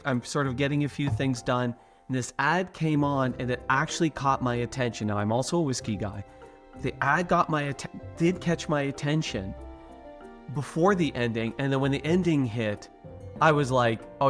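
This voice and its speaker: A man's voice: medium pitch, a bit bright. A man co-hosting an advertising podcast, chatting casually and stressing his points. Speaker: podcast co-host, advertising consultant. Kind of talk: casual chat.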